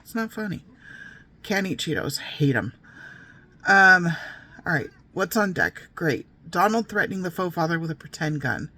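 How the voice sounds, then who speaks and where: A woman's voice: lowish voice, lively intonation, normal speed, bright, forceful tone. A woman reading her memoir aloud in a casual, unpolished way. She keeps breaking off into wry, digressive asides to her listeners before picking the thread back up. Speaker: memoir narrator.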